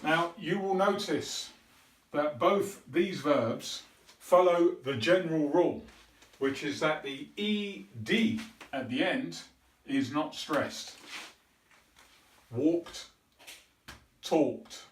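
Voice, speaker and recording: A man teaching a pronunciation lesson, slowly and carefully demonstrating sounds. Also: on the high side, lively intonation. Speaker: English teacher. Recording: echoey room, mic at a distance.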